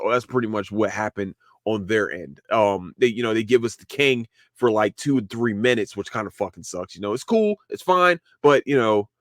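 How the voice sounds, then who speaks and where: A man in the middle of the male range, recorded dry and close with no room sound. He hosts a casual podcast and rambles with excitement, swearing often and repeating words as he restarts. His talk is loose and eager, as if he is thinking out loud. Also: mid-range voice, no room sound. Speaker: podcast host. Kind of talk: casual solo anime review.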